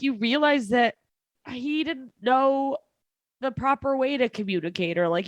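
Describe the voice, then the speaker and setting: A woman comedian telling a personal story in casual chat, halting with many fillers and restarts. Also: medium pitch, no echo. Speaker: comedian guest.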